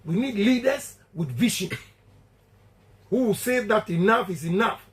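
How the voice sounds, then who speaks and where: This politician speaks to supporters in a high-sitting, animated voice, a bit on the slow side, with a Ghanaian accent. His speech is emphatic and declamatory, hammering key points through repetition while alternating English and Twi, all on poor audio.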